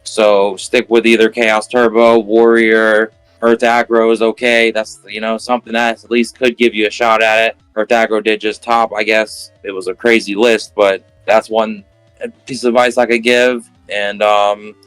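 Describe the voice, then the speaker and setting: A man's voice: fairly low pitch, little pitch movement, normal speed, a bit bright, clean tone, no echo, faint music behind, low-quality recording. A man speaking as a podcast guest, casual and rambling, giving loose advice. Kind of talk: casual interview chat.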